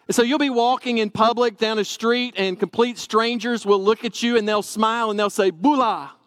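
Very high-voiced man. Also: a little fast, smooth, dry recording. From Tennessee, USA. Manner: animated storyteller who acts out the dialogue. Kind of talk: personal storytelling.

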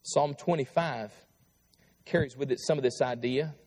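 A male pastor preaching a sermon, reading scripture aloud with pleading intensity that swells and then falls quiet. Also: mid-range voice, moderate pace, big-room sound. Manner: impassioned, rising to pleading cries then dropping quiet.

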